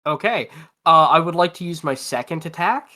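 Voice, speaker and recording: A player in a tabletop game who talks hesitantly, with many fillers. The voice is bright and forward. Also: medium pitch, animated, normal speed.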